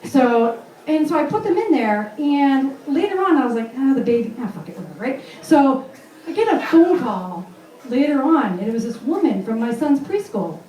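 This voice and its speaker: Brash self-mocking woman comic, high voice. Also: sing-song, moderate pace, mellow, reverberant, far from the mic, poor audio. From Vermont, USA. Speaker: stand-up comedian. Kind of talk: stand-up comedy set. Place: comedy club stage.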